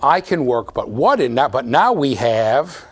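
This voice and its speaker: A man's voice: medium pitch, big pitch swings, measured pace, breathy edge. A man giving a university lecture to a large class, playful and talking straight to his students. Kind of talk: classroom lecture with live demonstration.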